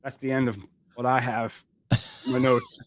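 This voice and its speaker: A man co-hosting a comedy podcast, joking and teasing in lively banter. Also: medium pitch, normal speed, dry recording. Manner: joking, animated, playful voice impressions. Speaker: podcast co-host.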